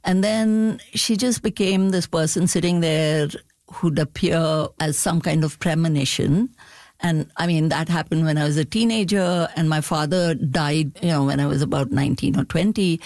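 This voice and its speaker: A middle-aged woman speaks with a lowish voice, taking her time as a novelist reflecting in an interview. She laughs easily between thoughts. The sound is close and dry. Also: darkish tone, dry recording. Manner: thoughtful, unhurried, laughs often while talking.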